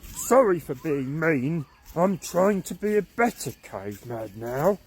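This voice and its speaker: A man doing a shouty grumpy caveman. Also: a little high, animated, measured pace. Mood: sheepish. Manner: shouting and yelping.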